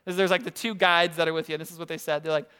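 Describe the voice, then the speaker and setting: A young man preaching a casual sermon, telling stories in a conversational, animated way and acting out quotes. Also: fairly high pitch, very fast, smooth. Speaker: pastor.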